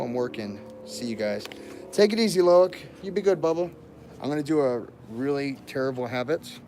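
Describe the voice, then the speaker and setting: A man streaming live chats with viewers and spins meandering stories, frequently stopping himself partway through sentences. His voice is mid-range, and a little hiss or hum sits under the audio.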